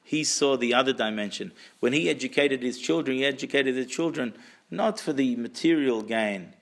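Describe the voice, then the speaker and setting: Male Torah teacher with a fry-edged, mid-pitched voice; animated classroom storyteller who quizzes the room and drops in Hebrew terms. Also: moderate pace. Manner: animated, asks the audience questions, repeats words while searching; mixes in Hebrew and Aramaic terms.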